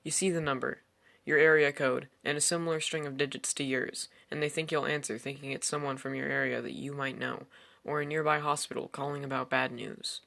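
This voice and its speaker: A man's voice: mid-range voice, flat delivery, fairly quick, creaky, sharp tone. A man reading a first-person horror story aloud in a tense storytelling manner. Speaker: narrator. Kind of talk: scripted horror story narration.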